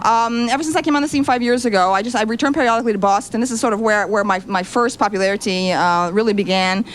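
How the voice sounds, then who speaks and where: A woman's voice: on the high side, slight background noise. A woman in her forties, a guest author in a live radio interview, talking emphatically and tagging her points with "okay?". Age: 40s. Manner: rapid-fire, emphatic, keeps tagging "okay?". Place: live radio broadcast from a store.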